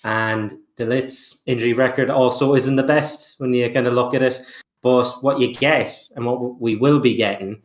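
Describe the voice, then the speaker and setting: A male guest on a football fan show, relaxed and laughing often. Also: mid-range voice, moderate pace. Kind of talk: casual chat. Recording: echoey room.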